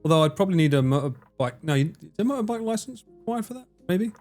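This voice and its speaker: A man's voice: sits high, animated, fast, darkish tone, faint music behind. A man from the UK, chatting casually on a gaming livestream, joking, swearing freely and laughing a lot. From United Kingdom.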